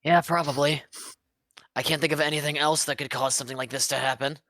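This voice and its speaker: A woman's voice: sits low, steady tone, fast talker, fairly bright tone, no echo, studio quality, voice pushed down. A woman voicing a grumpy, blunt character in a tabletop game. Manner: blunt, swearing. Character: grumpy character roused from sleep.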